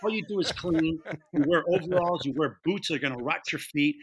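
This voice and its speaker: A middle-aged man telling a story in casual conversation, animated and acting out the voices of the people he quotes. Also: on the high side, brisk. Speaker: guest, taproom owner.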